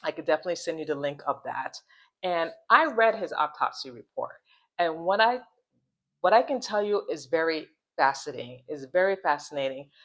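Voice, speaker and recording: A woman hosting a casual commentary vlog, rambling along, repeating phrases and restarting sentences, and slowing down to spell out hard words. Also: sits low, lively intonation, fairly bright tone. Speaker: channel host.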